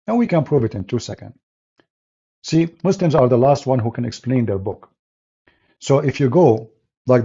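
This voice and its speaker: A man's voice: medium pitch, mellow, breathy edge. Arabic-accented man mocking on a stream. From Middle East. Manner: mocking and insulting, broken English grammar. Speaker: live stream host. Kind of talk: polemical live stream monologue. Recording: dull lo-fi stream audio.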